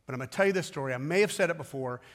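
Guy pastor preaching, pretty high voice, slows way down to hit the big lines. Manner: preaching with dramatic pauses and rising emphasis; retells a story with quick asides. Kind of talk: sermon.

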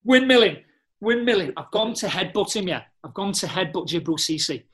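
A man's voice: fairly high pitch, fairly quick. A man, a former footballer, telling blunt, slang-filled stories in a casual chat. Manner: blunt, swearing, animated storyteller with slang. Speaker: podcast guest, former footballer.

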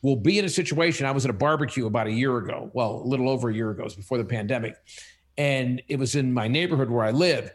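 A man's voice: mid-range voice, quick pace. A man, a company CEO, telling stories as a podcast guest and acting out the dialogue in them. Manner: animated, acts out dialogue in stories. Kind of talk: casual storytelling interview.

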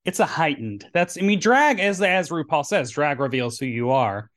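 A man's voice: on the high side, expressive, moderate pace, a bit bright. A man from Tennessee with a Southern accent, hosting a podcast in a campy, rambling drag persona. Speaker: podcast host. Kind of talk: casual chat.

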